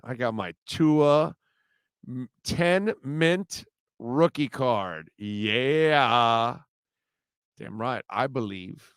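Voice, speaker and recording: A man's voice: mid-range voice, expressive, drawn-out words, clean tone, dry recording, studio quality. A man hosting a sports radio show, talking in a hyped, slangy way. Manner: hyped, slangy, calls people baby and dude. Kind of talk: casual sports radio chat.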